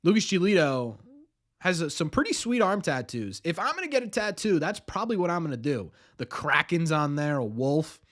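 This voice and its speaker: Young male streamer, animated and a touch high, casual play-by-play with a put-on announcer flair. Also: normal speed. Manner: mock announcer voice mixed with chatty asides to chat. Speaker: watch party streamer doing play-by-play. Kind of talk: casual livestream commentary.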